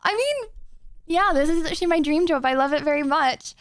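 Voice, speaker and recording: A young woman with a high, bright voice chats to her stream in a giggly, rambling way, full of ums and restarts. The sound is dry and close, from a desk microphone. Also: a little fast, dry recording. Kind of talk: casual live-stream chat.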